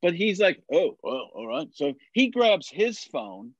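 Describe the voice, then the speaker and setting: Middle-aged guy rambling thru a story, lots of restarts, a bit high, dry dull audio. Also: big pitch swings, unhurried, breathy edge, dry recording. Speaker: podcast guest. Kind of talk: casual chat. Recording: dull, lo-fi sound.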